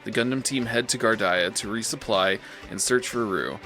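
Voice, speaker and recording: A man's voice: on the low side, normal speed, sharp tone, soft background music. A man co-hosting a podcast, chatting casually and joking, then reading an episode recap. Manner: jokey, laughs easily. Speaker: podcast co-host.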